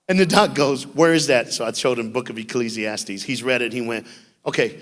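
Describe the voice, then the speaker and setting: Animated preacher in a church hall. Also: male voice, mid-range voice, fairly quick. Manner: animated storytelling with jokes, shifting from loud bursts to hushed. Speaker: youth speaker. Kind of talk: sermon.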